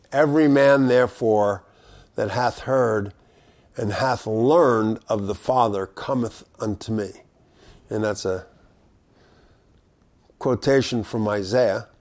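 A man preaching verse by verse, reading scripture aloud and explaining it in a conversational way, with loud emphatic stresses and low quiet asides. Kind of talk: verse-by-verse Bible teaching.

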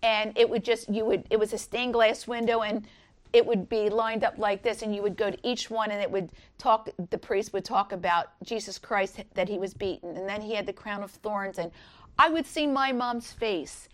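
A middle-aged woman giving an earnest Easter devotional talk, reading scripture and telling personal stories. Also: moderate pace. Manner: earnest, rises high when voicing others.

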